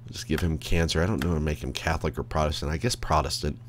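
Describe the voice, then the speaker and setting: A man's voice: extremely low pitch, steady tone, rapid-fire, a little hiss or hum. A man streaming a game, rambling to himself in casual commentary and swearing freely from his desk. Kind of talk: casual live gameplay commentary. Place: at a desk by a computer.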